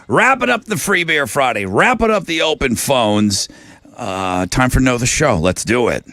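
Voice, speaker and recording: A man's voice: medium pitch, lively intonation, normal speed, fairly bright tone, dry recording. A man hosting a morning radio show, casual and playful, teasing his co-host and callers. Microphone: studio microphone.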